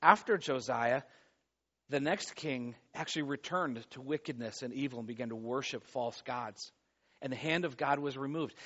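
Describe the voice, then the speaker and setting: Impassioned preacher, swinging loud to hushed. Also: male voice, fairly high pitch. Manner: stumbles and repeats words. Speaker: pastor. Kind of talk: sermon. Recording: dull lo-fi recording.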